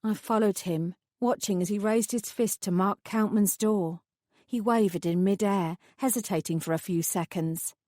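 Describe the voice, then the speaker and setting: A woman's voice: mid-range voice, moderate pace, mellow, dry recording, studio quality. Woman narrating an audiobook. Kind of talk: scripted narration.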